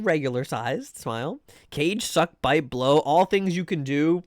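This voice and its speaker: A man's voice: fairly high pitch, animated, moderate pace, few pauses, no echo, studio quality. A man streaming live, chatting casually with viewers in a rambling way, full of fillers and restarts. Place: home room.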